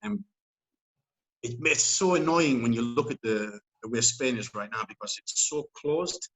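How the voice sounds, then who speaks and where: A man's voice: mid-range voice, expressive, unhurried, a bit bright, rough recording. A man speaking as an interview guest. He talks in casual chat, rambling and emphatic, with many fillers and restarts.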